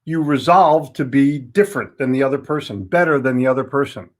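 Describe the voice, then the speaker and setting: A sales trainer in his seventies from Philadelphia, United States, gives a folksy, blunt motivational talk. He speaks briskly in a mid-range voice and hammers points home by repeating words.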